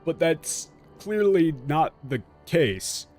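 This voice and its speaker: 男主播，随口骂几句的游戏解说. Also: male voice, fairly high pitch, sing-song, slow pace, darkish tone, soft background music. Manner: analytical, picks apart translation word by word; casual, swears freely. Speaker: game streamer. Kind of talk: let's play commentary.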